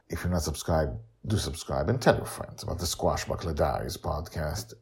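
A man in his sixties, the show's author, talking to podcast listeners in a relaxed, unhurried way at the end of an episode. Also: a bass voice. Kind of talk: podcast outro and credits talk.

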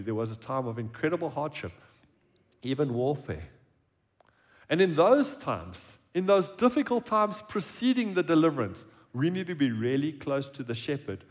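A man preaching a sermon at a church service, shifting between emphatic lines and hushed, quiet phrases. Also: mid-range voice. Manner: expressive preaching, drops to a hushed tone on key phrases. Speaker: pastor.

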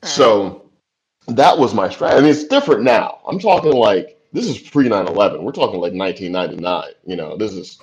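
Heard on a dull lo-fi recording, a man in his forties, a screenwriter, spins casual stories during an interview. He laughs easily and keeps saying "like" and "you know." His voice is on the low side and sing-song, with a darkish tone and a slightly fast pace.

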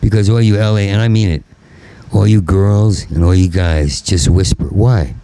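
Stuttering gravelly comic, bitter rant. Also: male voice, low-pitched, moderate pace, mellow, low-quality recording. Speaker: stand-up comedian. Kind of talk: stand-up monologue.

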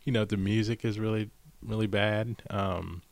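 A middle-aged man co-hosting a podcast, telling a rambling, animated story in casual chat. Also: lowish voice, moderate pace, gravelly, no echo. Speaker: podcast co-host.

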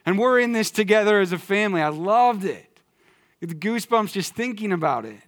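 A male pastor speaks briskly from a church sanctuary, giving a sermon in a conversational manner. Quiet, understated moments give way to loud, excited ones.

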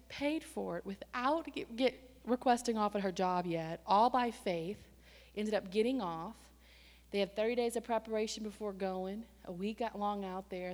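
A woman preaching a sermon and telling a personal story in a lively, conversational way, with sudden surges in pitch and loudness. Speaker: church staff member and preacher. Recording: long hall reverb.

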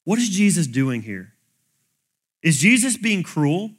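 A man's voice: a little high, very animated, measured pace. A man preaching a sermon in a conversational, plain-spoken way. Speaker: pastor.

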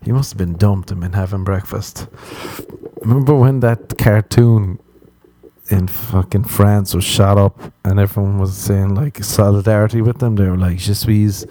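Rambling, profane Irish man, mellow voice. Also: fairly low pitch, fairly even intonation, moderate pace, a little hiss or hum. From Ireland. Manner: rambling, profane, laughs at his own jokes. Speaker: podcast host. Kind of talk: solo comic podcast monologue.

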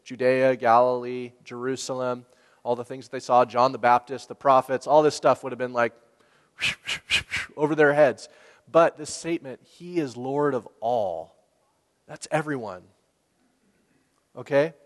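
A man preaching a sermon in a relaxed, conversational way, asking the listeners questions and laughing now and then. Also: medium pitch, normal speed. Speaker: pastor. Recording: long hall reverb.

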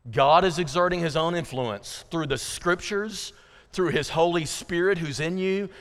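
An American man preaching a sermon as pastor, swinging from loud, rising passion to low, intimate appeals. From United States. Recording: hall reverb.

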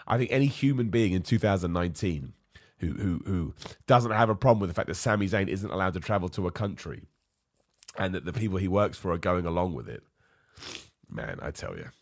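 Ranty man with a lively voice. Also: deep voice, a little fast, no echo, studio quality. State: ill, voice going. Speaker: wrestling podcast host. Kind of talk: live-streamed podcast rant.

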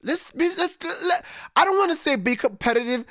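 A man hosting a solo sports podcast, talking animatedly and swinging between excited highs and low, resigned asides. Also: moderate pace, no room sound, studio quality. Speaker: podcast host.

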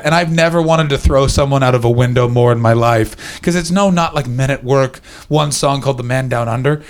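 A man doing stand-up comedy as host, bantering with the crowd and telling profane stories. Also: mid-range voice. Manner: loud, profane, rapid banter. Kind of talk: stand-up crowd work and storytelling. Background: audience laughter.

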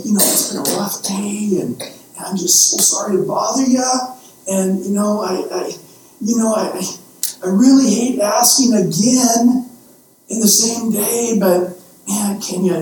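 Man acting out a sheepish sinner, stammering, pleading, high male voice, echoey room, far mic. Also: expressive, a little slow, a little mellow. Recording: very echoey room, distant mic, faint hiss.

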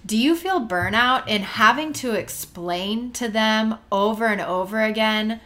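A woman hosting an interview, framing her questions at length in a measured way. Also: a little high, fairly bright tone. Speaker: interview host.

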